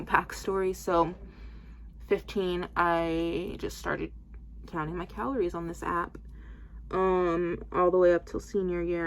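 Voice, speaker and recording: A young woman in her twenties chats to her camera in a rambling, unscripted way, peppering every phrase with "like" and "um". Her voice sits lower than most women's, with a faint hum of room noise behind it. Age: 20s. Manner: rambling, heavy use of "like" and "um"; talks while styling her hair. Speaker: vlogger. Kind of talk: casual storytelling to camera.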